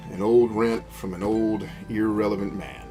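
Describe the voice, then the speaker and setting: Over soft background music, a man with a fairly low, dark-toned voice talks at a normal speed with fairly even intonation. He's a gameplay commentator rambling philosophically while he plays a video game, ranting and swearing freely.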